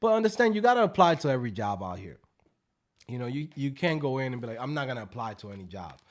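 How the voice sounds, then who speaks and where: A man hosting a casual livestream, joking loudly and profanely and acting out scam calls. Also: medium pitch, very animated, quick pace. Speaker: livestream host.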